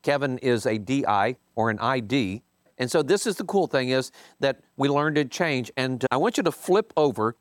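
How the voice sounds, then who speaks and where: Animated man leading a meeting. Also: normal speed, no echo. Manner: animated, emphatic, jumps high in pitch when stressing a point. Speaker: company owner leading a team meeting. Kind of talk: casual book commentary to a team.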